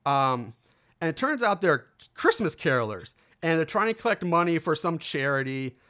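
With a sing-song, sharp-toned voice of fairly high pitch, a man recaps a film's plot for a podcast at a moderate pace. He rambles, drops lots of fillers, and acts out the characters' lines.

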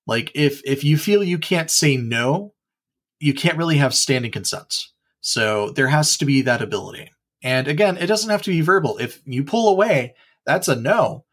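Lively, higher-voiced man. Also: normal speed. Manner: animated, blunt, jokey emphasis. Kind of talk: casual discussion.

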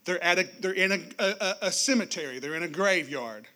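Male pastor, high bright tenor, animated sermon delivery. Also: brisk. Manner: animated, with sudden swings between loud and hushed; joking, speaks straight to the congregation.

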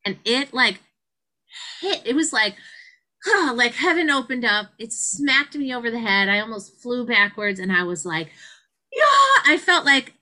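A middle-aged woman with a bright, forceful voice tells her story as an interview guest. She is animated, acting out quotes with sudden high leaps in her voice. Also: moderate pace, poor audio. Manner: animated, acts out quotes with big pitch jumps. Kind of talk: conversational storytelling.

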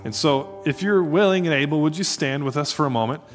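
A man preaching as a pastor, earnest and inviting, who grows hushed as he leads the congregation into prayer. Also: a little high, brisk, faint music behind. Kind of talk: sermon closing into prayer. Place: church service.

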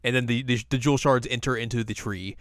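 Chill podcast guy recapping stuff, smooth voice, dry mic. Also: mid-range voice, steady tone, fast, no room sound. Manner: laid-back, loose, acts out quotes. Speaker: podcast co-host. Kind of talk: casual chat, recapping episodes.

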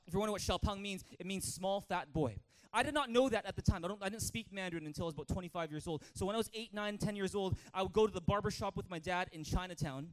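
A man with a Canadian accent preaching a lively sermon in church, calling for amens and acting out a childhood story. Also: sits high, quick pace, few pauses. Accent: Canadian English. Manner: energetic, calls for amens, tells stories with acted-out voices. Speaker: pastor.

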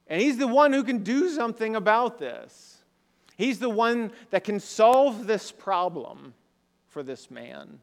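Slow-spoken pastor in a reverberant hall. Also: male voice, high-pitched, a bit bright, smooth. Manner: conversational, asks the congregation rhetorical questions. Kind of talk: sermon.

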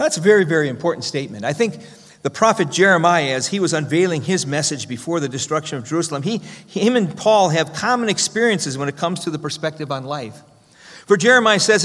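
A man preaching a sermon with a slightly raised pitch, his voice carrying long reverb through a church hall. He swings between loud, emphatic stresses and soft, slowed-down quotations. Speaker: pastor.

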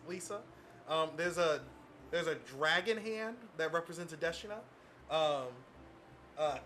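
A man's voice: high-pitched, fairly bright tone, slight background noise. A man narrating as game master in a tabletop game, describing scenes casually with many fillers.

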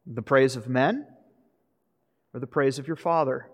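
A man's voice: mid-range voice, measured pace. A pastor preaching a sermon earnestly, asking his listeners rhetorical questions. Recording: long reverb of a hall.

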